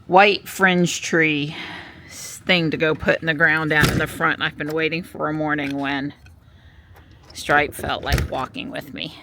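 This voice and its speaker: Low, slow-talking woman vlogging outdoors. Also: fairly bright tone. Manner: chatty, talks to her pets in a high sing-song voice. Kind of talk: casual vlog chat. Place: outdoors in a yard. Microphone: small handheld camera.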